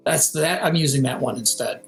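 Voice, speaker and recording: Fairly quick and fairly high-pitched, the older man, a game composer and audio director, chats in a casual video-call interview. He brings his stories to life by singing tunes and doing impressions. Soft background music and poor audio mark the clip.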